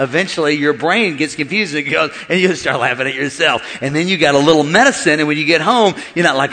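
A man preaching a sermon as pastor, animated and joking with the congregation in a large church. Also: on the high side, fast, few pauses. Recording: long hall reverb with faint music.

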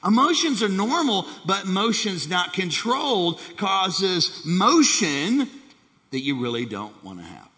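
A man preaching with a high, bright and forceful voice, swinging between hushed asides and excited bursts as he calls on the congregation. His sermon rings out with a long reverb from a large church hall. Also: a little slow. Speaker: pastor.

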